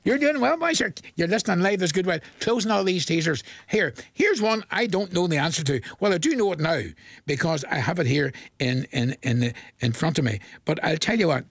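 A man's voice: on the high side, brisk, fairly bright tone, slightly rough, no room sound. A man presenting a country music request show on the radio, chatty and rambling, laughing at his own jokes. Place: radio studio. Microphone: studio mic.

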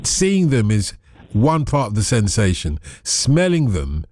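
Lively, teasing man in casual chat. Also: on the low side, measured pace, dry recording, clean studio sound. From Nigeria. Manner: playful, teasing, mimics accents. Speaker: conversation partner.

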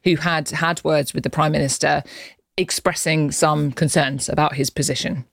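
A political correspondent recounting events on a news podcast, frank and lively, with some fillers. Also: mid-range voice, normal speed, vocal fry, dry recording, studio quality. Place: studio.

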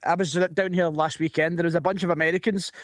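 A man's voice: fairly high pitch, fairly even intonation, fast talker. A man with a Glaswegian accent, a comedian telling a funny story with a jokey manner. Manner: jokey, laughs often. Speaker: comedian guest. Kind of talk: anecdotal storytelling.

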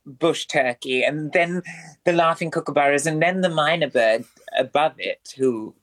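A man's voice: on the high side, normal speed, fairly bright tone. A man, a performer as a guest in a radio interview, speaking in a florid, theatrical way with elaborate vocabulary. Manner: florid, theatrical speech full of ornate words.

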